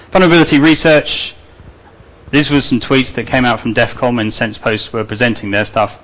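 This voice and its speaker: A man's voice: on the low side, a bit bright, rough recording. A man giving a conference talk to a live audience, chatty and loose with fillers and restarts, with an accent he calls his own. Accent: non-native English accent. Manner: conversational, many fillers and restarts. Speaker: conference speaker.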